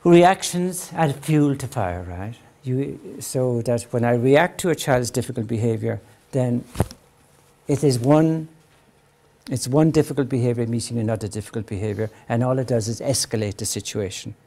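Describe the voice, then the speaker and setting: An older man giving an earnest talk on parenting as a psychologist. He often tags his points with a questioning "right?" and acts out parents' voices at a higher pitch. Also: normal speed, warm tone. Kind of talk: lecture to parents.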